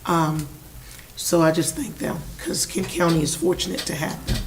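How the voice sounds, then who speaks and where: A hoarse woman speaks at a board meeting in a low, flat voice, halting often with fillers. She sits a little back from the microphone, with faint noise in the room. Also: recorded from a distance, poor audio. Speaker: board member. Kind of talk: meeting remarks.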